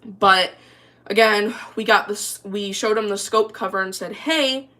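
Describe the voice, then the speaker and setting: A woman's voice: mid-range voice, level tone, unhurried, pushed and bright. A young woman telling a story in a casual, rambling way, full of "like" and restarts, while cooking in her kitchen. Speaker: vlogger.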